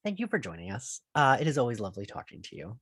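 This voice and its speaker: A young man hosting a podcast interview in casual chat, lively and saying "like" often. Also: medium pitch, fast, no echo. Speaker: podcast host.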